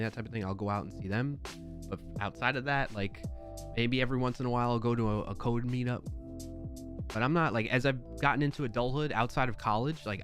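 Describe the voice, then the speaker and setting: Brief: chatty man in his thirties, lowish voice, rambling livestream anecdote, soft music under him. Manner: chatty and rambling, with fillers and restarts. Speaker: livestream host. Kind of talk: casual storytelling. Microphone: desk mic at a livestream.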